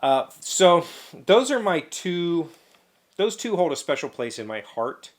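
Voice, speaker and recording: A man's voice: on the high side, measured pace. Rambling man chatting while he works. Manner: rambling, relaxed, many fillers and restarts. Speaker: host of a daily video show. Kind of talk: casual chat while working.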